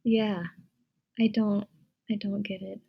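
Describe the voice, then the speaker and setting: A woman's voice: mid-range voice, slow pace, gravelly, husky, lo-fi sound. A young woman from Michigan co-hosting a podcast, chatting casually and acting out what people said to her. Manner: chatty, animated storyteller who acts out quotes. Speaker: podcast co-host. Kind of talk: casual chat.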